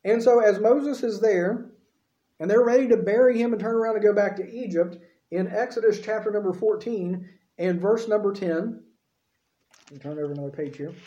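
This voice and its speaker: A man's voice: high-pitched, moderate pace, warm tone, reverberant, dull audio. A man preaching a sermon in a folksy, conversational way, with frequent asides to the congregation.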